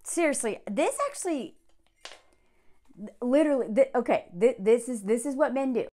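Animated, high-voiced woman commentator. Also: normal speed. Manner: animated, exasperated and sarcastic. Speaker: online commentator. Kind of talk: casual reaction commentary.

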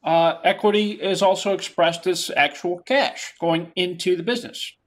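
A lecturer with a New York accent teaches in a classroom. The voice is mid-pitched and the delivery is plain and explanatory. Key terms are said again and again. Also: steady tone, moderate pace.

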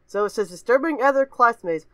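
A woman hosting a reaction video, reading aloud haltingly, giggling and breaking into shrieking laughter and goofy voices. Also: mid-range voice, no room sound. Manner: frequently puts on goofy voices of kids. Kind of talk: casual reaction commentary.

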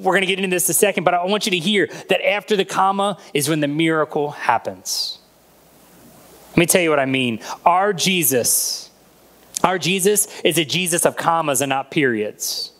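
A man's voice: high-pitched, a bit bright. A man preaching a sermon as a pastor, retelling a Bible story and acting out the voices in it.

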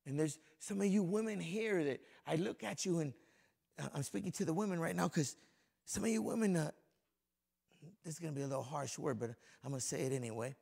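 A middle-aged man preaching a lively, folksy sermon as a pastor, joking with the congregation and swinging between soft and loud. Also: on the high side, fairly quick, vocal fry. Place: church sanctuary before a congregation.

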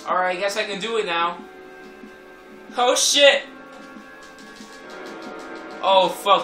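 A man commentating on gameplay, cursing loudly and laughing with frequent outbursts. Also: high-pitched, takes it slowly, long pauses, recorded from a distance. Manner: profane, loud outbursts, laughing. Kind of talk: let's play commentary. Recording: echoey room, game music behind.

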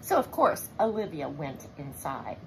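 A woman reading a picture book aloud to children, expressive and asking her listeners questions. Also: low-pitched, measured pace, vocal fry, heavy background noise. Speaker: storybook reader.

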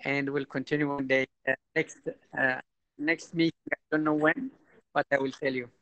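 Gravelly-voiced priest, halting delivery. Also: male voice, medium pitch, flat delivery, bright, forceful tone, no room sound, highs cut off. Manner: halting, repeats words, tells anecdotes. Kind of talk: informal talk to a youth audience.

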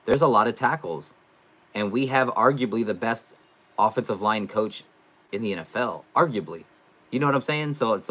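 A young man from California hosting a casual live stream, reading out comments in a loose, chatty way that jumps into loud excitement. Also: deep voice. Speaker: live streamer, sports fan channel host.

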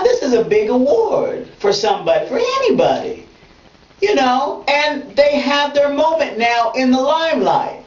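A woman hosting a comedic monologue show, talking in an animated way that swings from playful to mock outrage, recorded in a bathroom. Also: sits high. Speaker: comedic web show host. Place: bathroom, in a bathtub. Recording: roomy, distant, dull lo-fi sound.

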